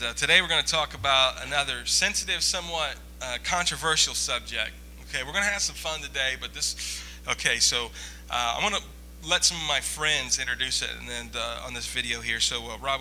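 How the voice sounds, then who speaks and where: A man's voice: mid-range voice, fairly quick, bright, forceful tone, slight background noise, poor audio. A man preaching a sermon as pastor, conversational and joking with the congregation. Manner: joking, conversational, audience-teasing.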